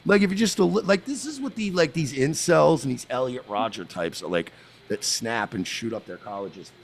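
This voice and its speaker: Man, american, casual chat, gravelly, lively pitch, crude boastful storytelling. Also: moderate pace, a little hiss or hum.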